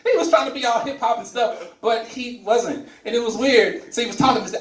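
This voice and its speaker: A man's voice: extremely high pitch, fairly quick, few pauses. A man doing a stand-up comedy set, telling a story and acting out the characters in it. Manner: animated storytelling, acts out characters. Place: comedy club stage. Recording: roomy live venue mic from a distance.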